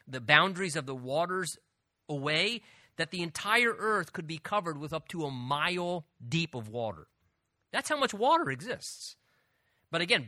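A man's voice: fairly high pitch, pushed and bright, no echo, studio quality. A man preaching a sermon in an earnest, conversational way, building to emphatic peaks.

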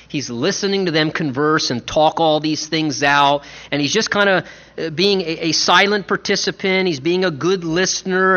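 A man, a pastor, preaching a sermon and acting out the people in the story in his own voice. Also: fairly high pitch. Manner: animated, acts out biblical voices in his own voice. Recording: lo-fi dull sound.

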